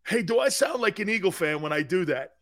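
A man with a notably high speaking voice hosts a sports talk show. He rants loudly and with humor, jumping into the shouted voices of furious fans before dropping back to his own chatty delivery. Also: fairly quick. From United States. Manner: animated, acts out angry fans in bursts. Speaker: sports radio host. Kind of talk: loud comic sports talk rant.

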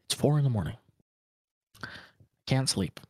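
A young man telling a crude story in casual podcast chat, breaking into loud indignant outbursts. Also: medium pitch, sing-song, measured pace, no echo. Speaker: podcast co-host.

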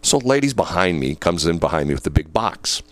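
A man hosting a casual chat, telling a story in an animated way with many fillers. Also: sits low, fairly quick, no echo.

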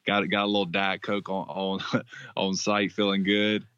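A man's voice: deep voice, flat delivery, measured pace, a bit bright, smooth, dry recording. A man co-hosting a sports podcast, chatting casually in a rambling, self-deprecating way with lots of fillers. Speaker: podcast co-host. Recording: dry, dull lo-fi sound.

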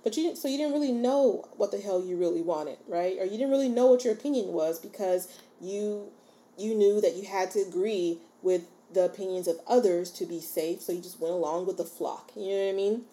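A woman hosts a solo podcast in a casual, chatty way, with a mellow, warm tone at a middle pitch. She speaks to her listeners directly and encourages them, and she often pauses to check in with them. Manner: chatty and informal. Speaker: podcast host.

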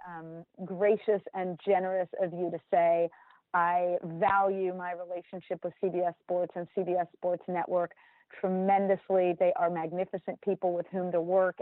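Measured, formal-sounding woman guest. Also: lowish voice, dry recording, narrow, tinny audio. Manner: measured, formal phrasing with frequent ums. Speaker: interview guest, former football executive. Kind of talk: casual interview chat.

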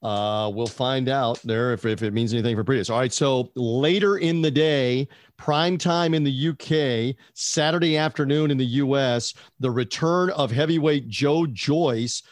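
A man's voice: mid-range voice, a little slow, hardly any pauses, no room sound, studio quality. A man co-hosting a casual boxing talk show, chatty and digressive, asking his co-host questions as he talks. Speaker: podcast co-host.

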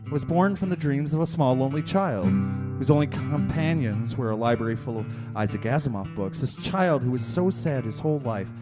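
A man voicing a gentle female robot lover within his spoken-word story, in a calm, soft manner. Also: medium pitch, fairly quick, over music, pitched below the performer's own voice, close to an everyday voice.

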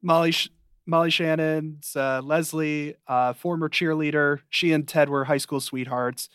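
A young man co-hosting a podcast, recapping a sitcom in a casual, dry, rambling way with quick asides. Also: fairly high pitch, steady tone, fairly bright tone, smooth, dry recording. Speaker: podcast co-host. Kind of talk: casual chat.

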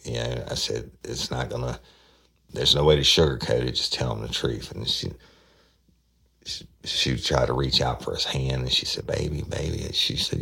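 Man, detective type, recounting a case; very deep, gravelly and husky, slips into the voices of the people he quotes. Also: moderate pace, bright, forceful tone. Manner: retells dialogue, acting out quoted voices. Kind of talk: casual storytelling.

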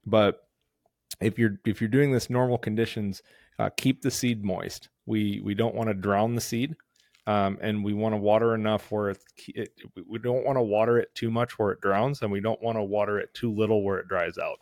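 A man with a lowish voice gives practical advice in a chatty way. He restarts and repeats himself often. The recording is dry and close to the mic. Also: fairly even intonation, moderate pace, darkish tone, dry recording. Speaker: podcast host. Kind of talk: casual how-to chat.

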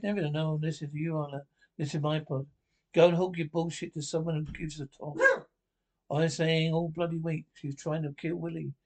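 An actor playing a coarse, cheeky Scottish pensioner in a TV sitcom, with gruff, sweary banter. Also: male voice, on the high side, poor audio. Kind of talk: TV sitcom acting.

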